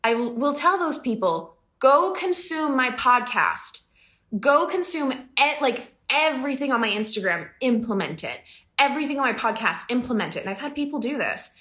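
A woman's voice: high-pitched, sing-song, normal speed, a bit bright. A woman business coach talking casually to her audience, chatty and emphatic, often laughing. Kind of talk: casual podcast talk. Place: home in the country.

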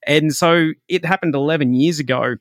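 A man's voice: a little high, moderate pace, dry recording, clean studio sound. Chatty man telling a story. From Australia. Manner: chatty, rambling, many fillers and restarts. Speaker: podcast host and spiritual reader. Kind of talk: solo podcast storytelling.

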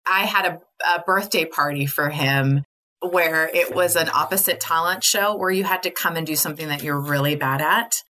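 A woman's voice: low voice, moderate pace, pushed and bright, slight background noise. A woman guest telling personal stories in an earnest, chatty way, full of likes and you knows, often breaking into laughter. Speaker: podcast guest. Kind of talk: candid conversational storytelling.

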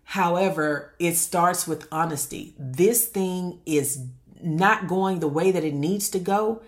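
A woman with a slightly low voice gives a motivational talk to successful women, coaching them through marriage trouble. She speaks emphatically and keeps asking rhetorical questions, now and then calling the listener "honey.". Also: slow. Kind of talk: motivational monologue.

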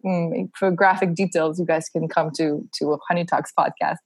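A woman's voice: sits low, fairly even intonation, normal speed, slightly rough, dry recording, poor audio. Frank, laughing woman in a dry recording. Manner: open and frank, laughs often between phrases. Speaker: podcast guest. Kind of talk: candid casual interview chat.

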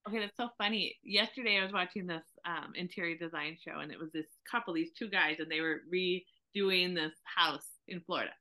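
A woman co-hosting a casual conversation, telling animated stories and acting out what people said. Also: lowish voice, fairly quick, few pauses. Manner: animated storyteller, acts out quotes.

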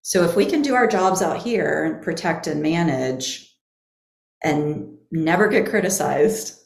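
A woman with a low voice explains inner parts like a therapist, slowly and thoughtfully. Her voice rings in a roomy space. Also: animated, creaky. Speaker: guest therapist. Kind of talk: podcast conversation.

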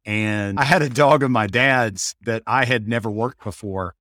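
A man hosting a casual podcast about dog training, asking guiding questions and telling relaxed anecdotes. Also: on the low side, moderate pace, dry recording.

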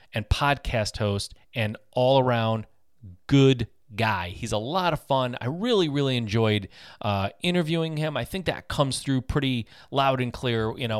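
An upbeat man hosts a podcast in a friendly, chatty way, with plenty of fillers and restarts. His voice sits at a middle pitch. The recording is dry and close. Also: clear, resonant tone, no room sound. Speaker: podcast host. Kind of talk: casual interview.

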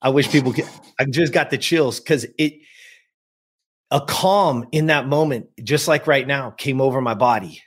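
A man's voice: medium pitch, moderate pace, slightly rough. A man in his fifties from the US West Coast, a coach telling a personal story with emphasis and speaking straight to his listeners. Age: 50s. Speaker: guest, productivity coach.

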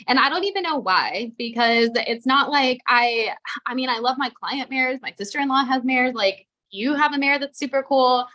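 A woman's voice: a little high, normal speed, bright, forceful tone. A woman co-hosting a podcast, chatting candidly with lots of fillers and the odd swear. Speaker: podcast co-host and horse trainer. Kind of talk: casual chat.

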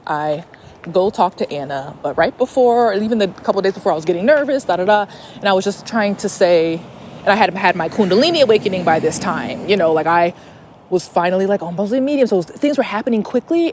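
Young woman podcast host, rambling and profane, mid-pitched, phone memo with a faint hiss. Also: lively intonation, fairly quick, darkish tone. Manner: chatty, profane, rambling with fillers. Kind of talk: casual chat.

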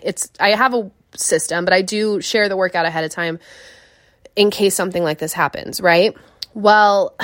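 A young woman fitness coach chatting on her podcast, telling stories in a lively, rambling way with lots of fillers. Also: mid-range voice, no room sound, clean studio sound. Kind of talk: casual solo podcast chat.

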